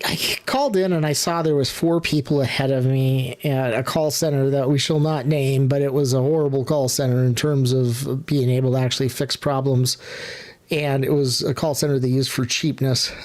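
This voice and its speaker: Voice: mid-range voice, darkish tone. A live stream host casually telling rambling, profane anecdotes about past call center work, with frequent restarts. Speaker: livestream host; former tech support worker.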